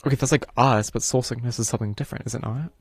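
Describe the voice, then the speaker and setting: A man's voice: medium pitch, fairly even intonation, very fast, husky, dry recording, faint music behind. A man streaming a visual novel, reading its narration aloud and breaking off to comment on the game. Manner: reads narration, breaks off to chat about the game.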